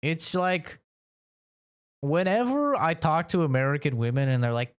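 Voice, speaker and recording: A man's voice: a little high, normal speed, smooth. A young man streaming a game, rambling casually with lots of swearing and filler words. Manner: laid-back, profane, rambling with frequent "like" and laughs. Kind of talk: casual gaming commentary.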